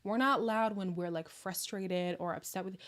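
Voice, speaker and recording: A woman vlogger in casual live chat with her viewers, chatty and animated, sometimes dropping to hushed asides. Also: mid-range voice, normal speed. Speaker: vlogger answering viewer comments.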